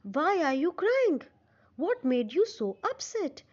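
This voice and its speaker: A woman's voice: sits high, sing-song, takes it slowly, a little mellow, heavily acted. Frightened little pond fish, as a woman puts them on. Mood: worried. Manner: anxious, pleading questions. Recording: dull lo-fi recording.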